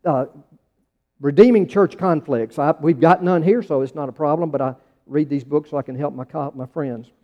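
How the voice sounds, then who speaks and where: A man's voice: fairly high pitch, moderate pace. A man with an American accent preaching a conversational sermon as pastor, restarting phrases and pressing his questions harder. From United States. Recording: dull sound in a large reverberant hall.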